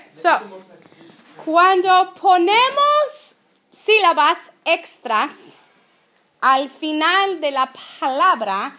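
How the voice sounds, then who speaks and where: A woman teaching a Spanish grammar lesson in a chatty, patient way. She draws out her example words slowly. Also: high voice, fairly bright tone. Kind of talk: recorded classroom grammar lesson.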